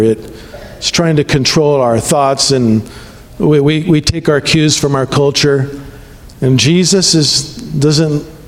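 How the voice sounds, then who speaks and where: A male pastor preaching in a relaxed, conversational way who keeps checking in with the congregation. His voice sits slightly high. A long hall echo trails his words around the church. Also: slight background noise. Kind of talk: sermon.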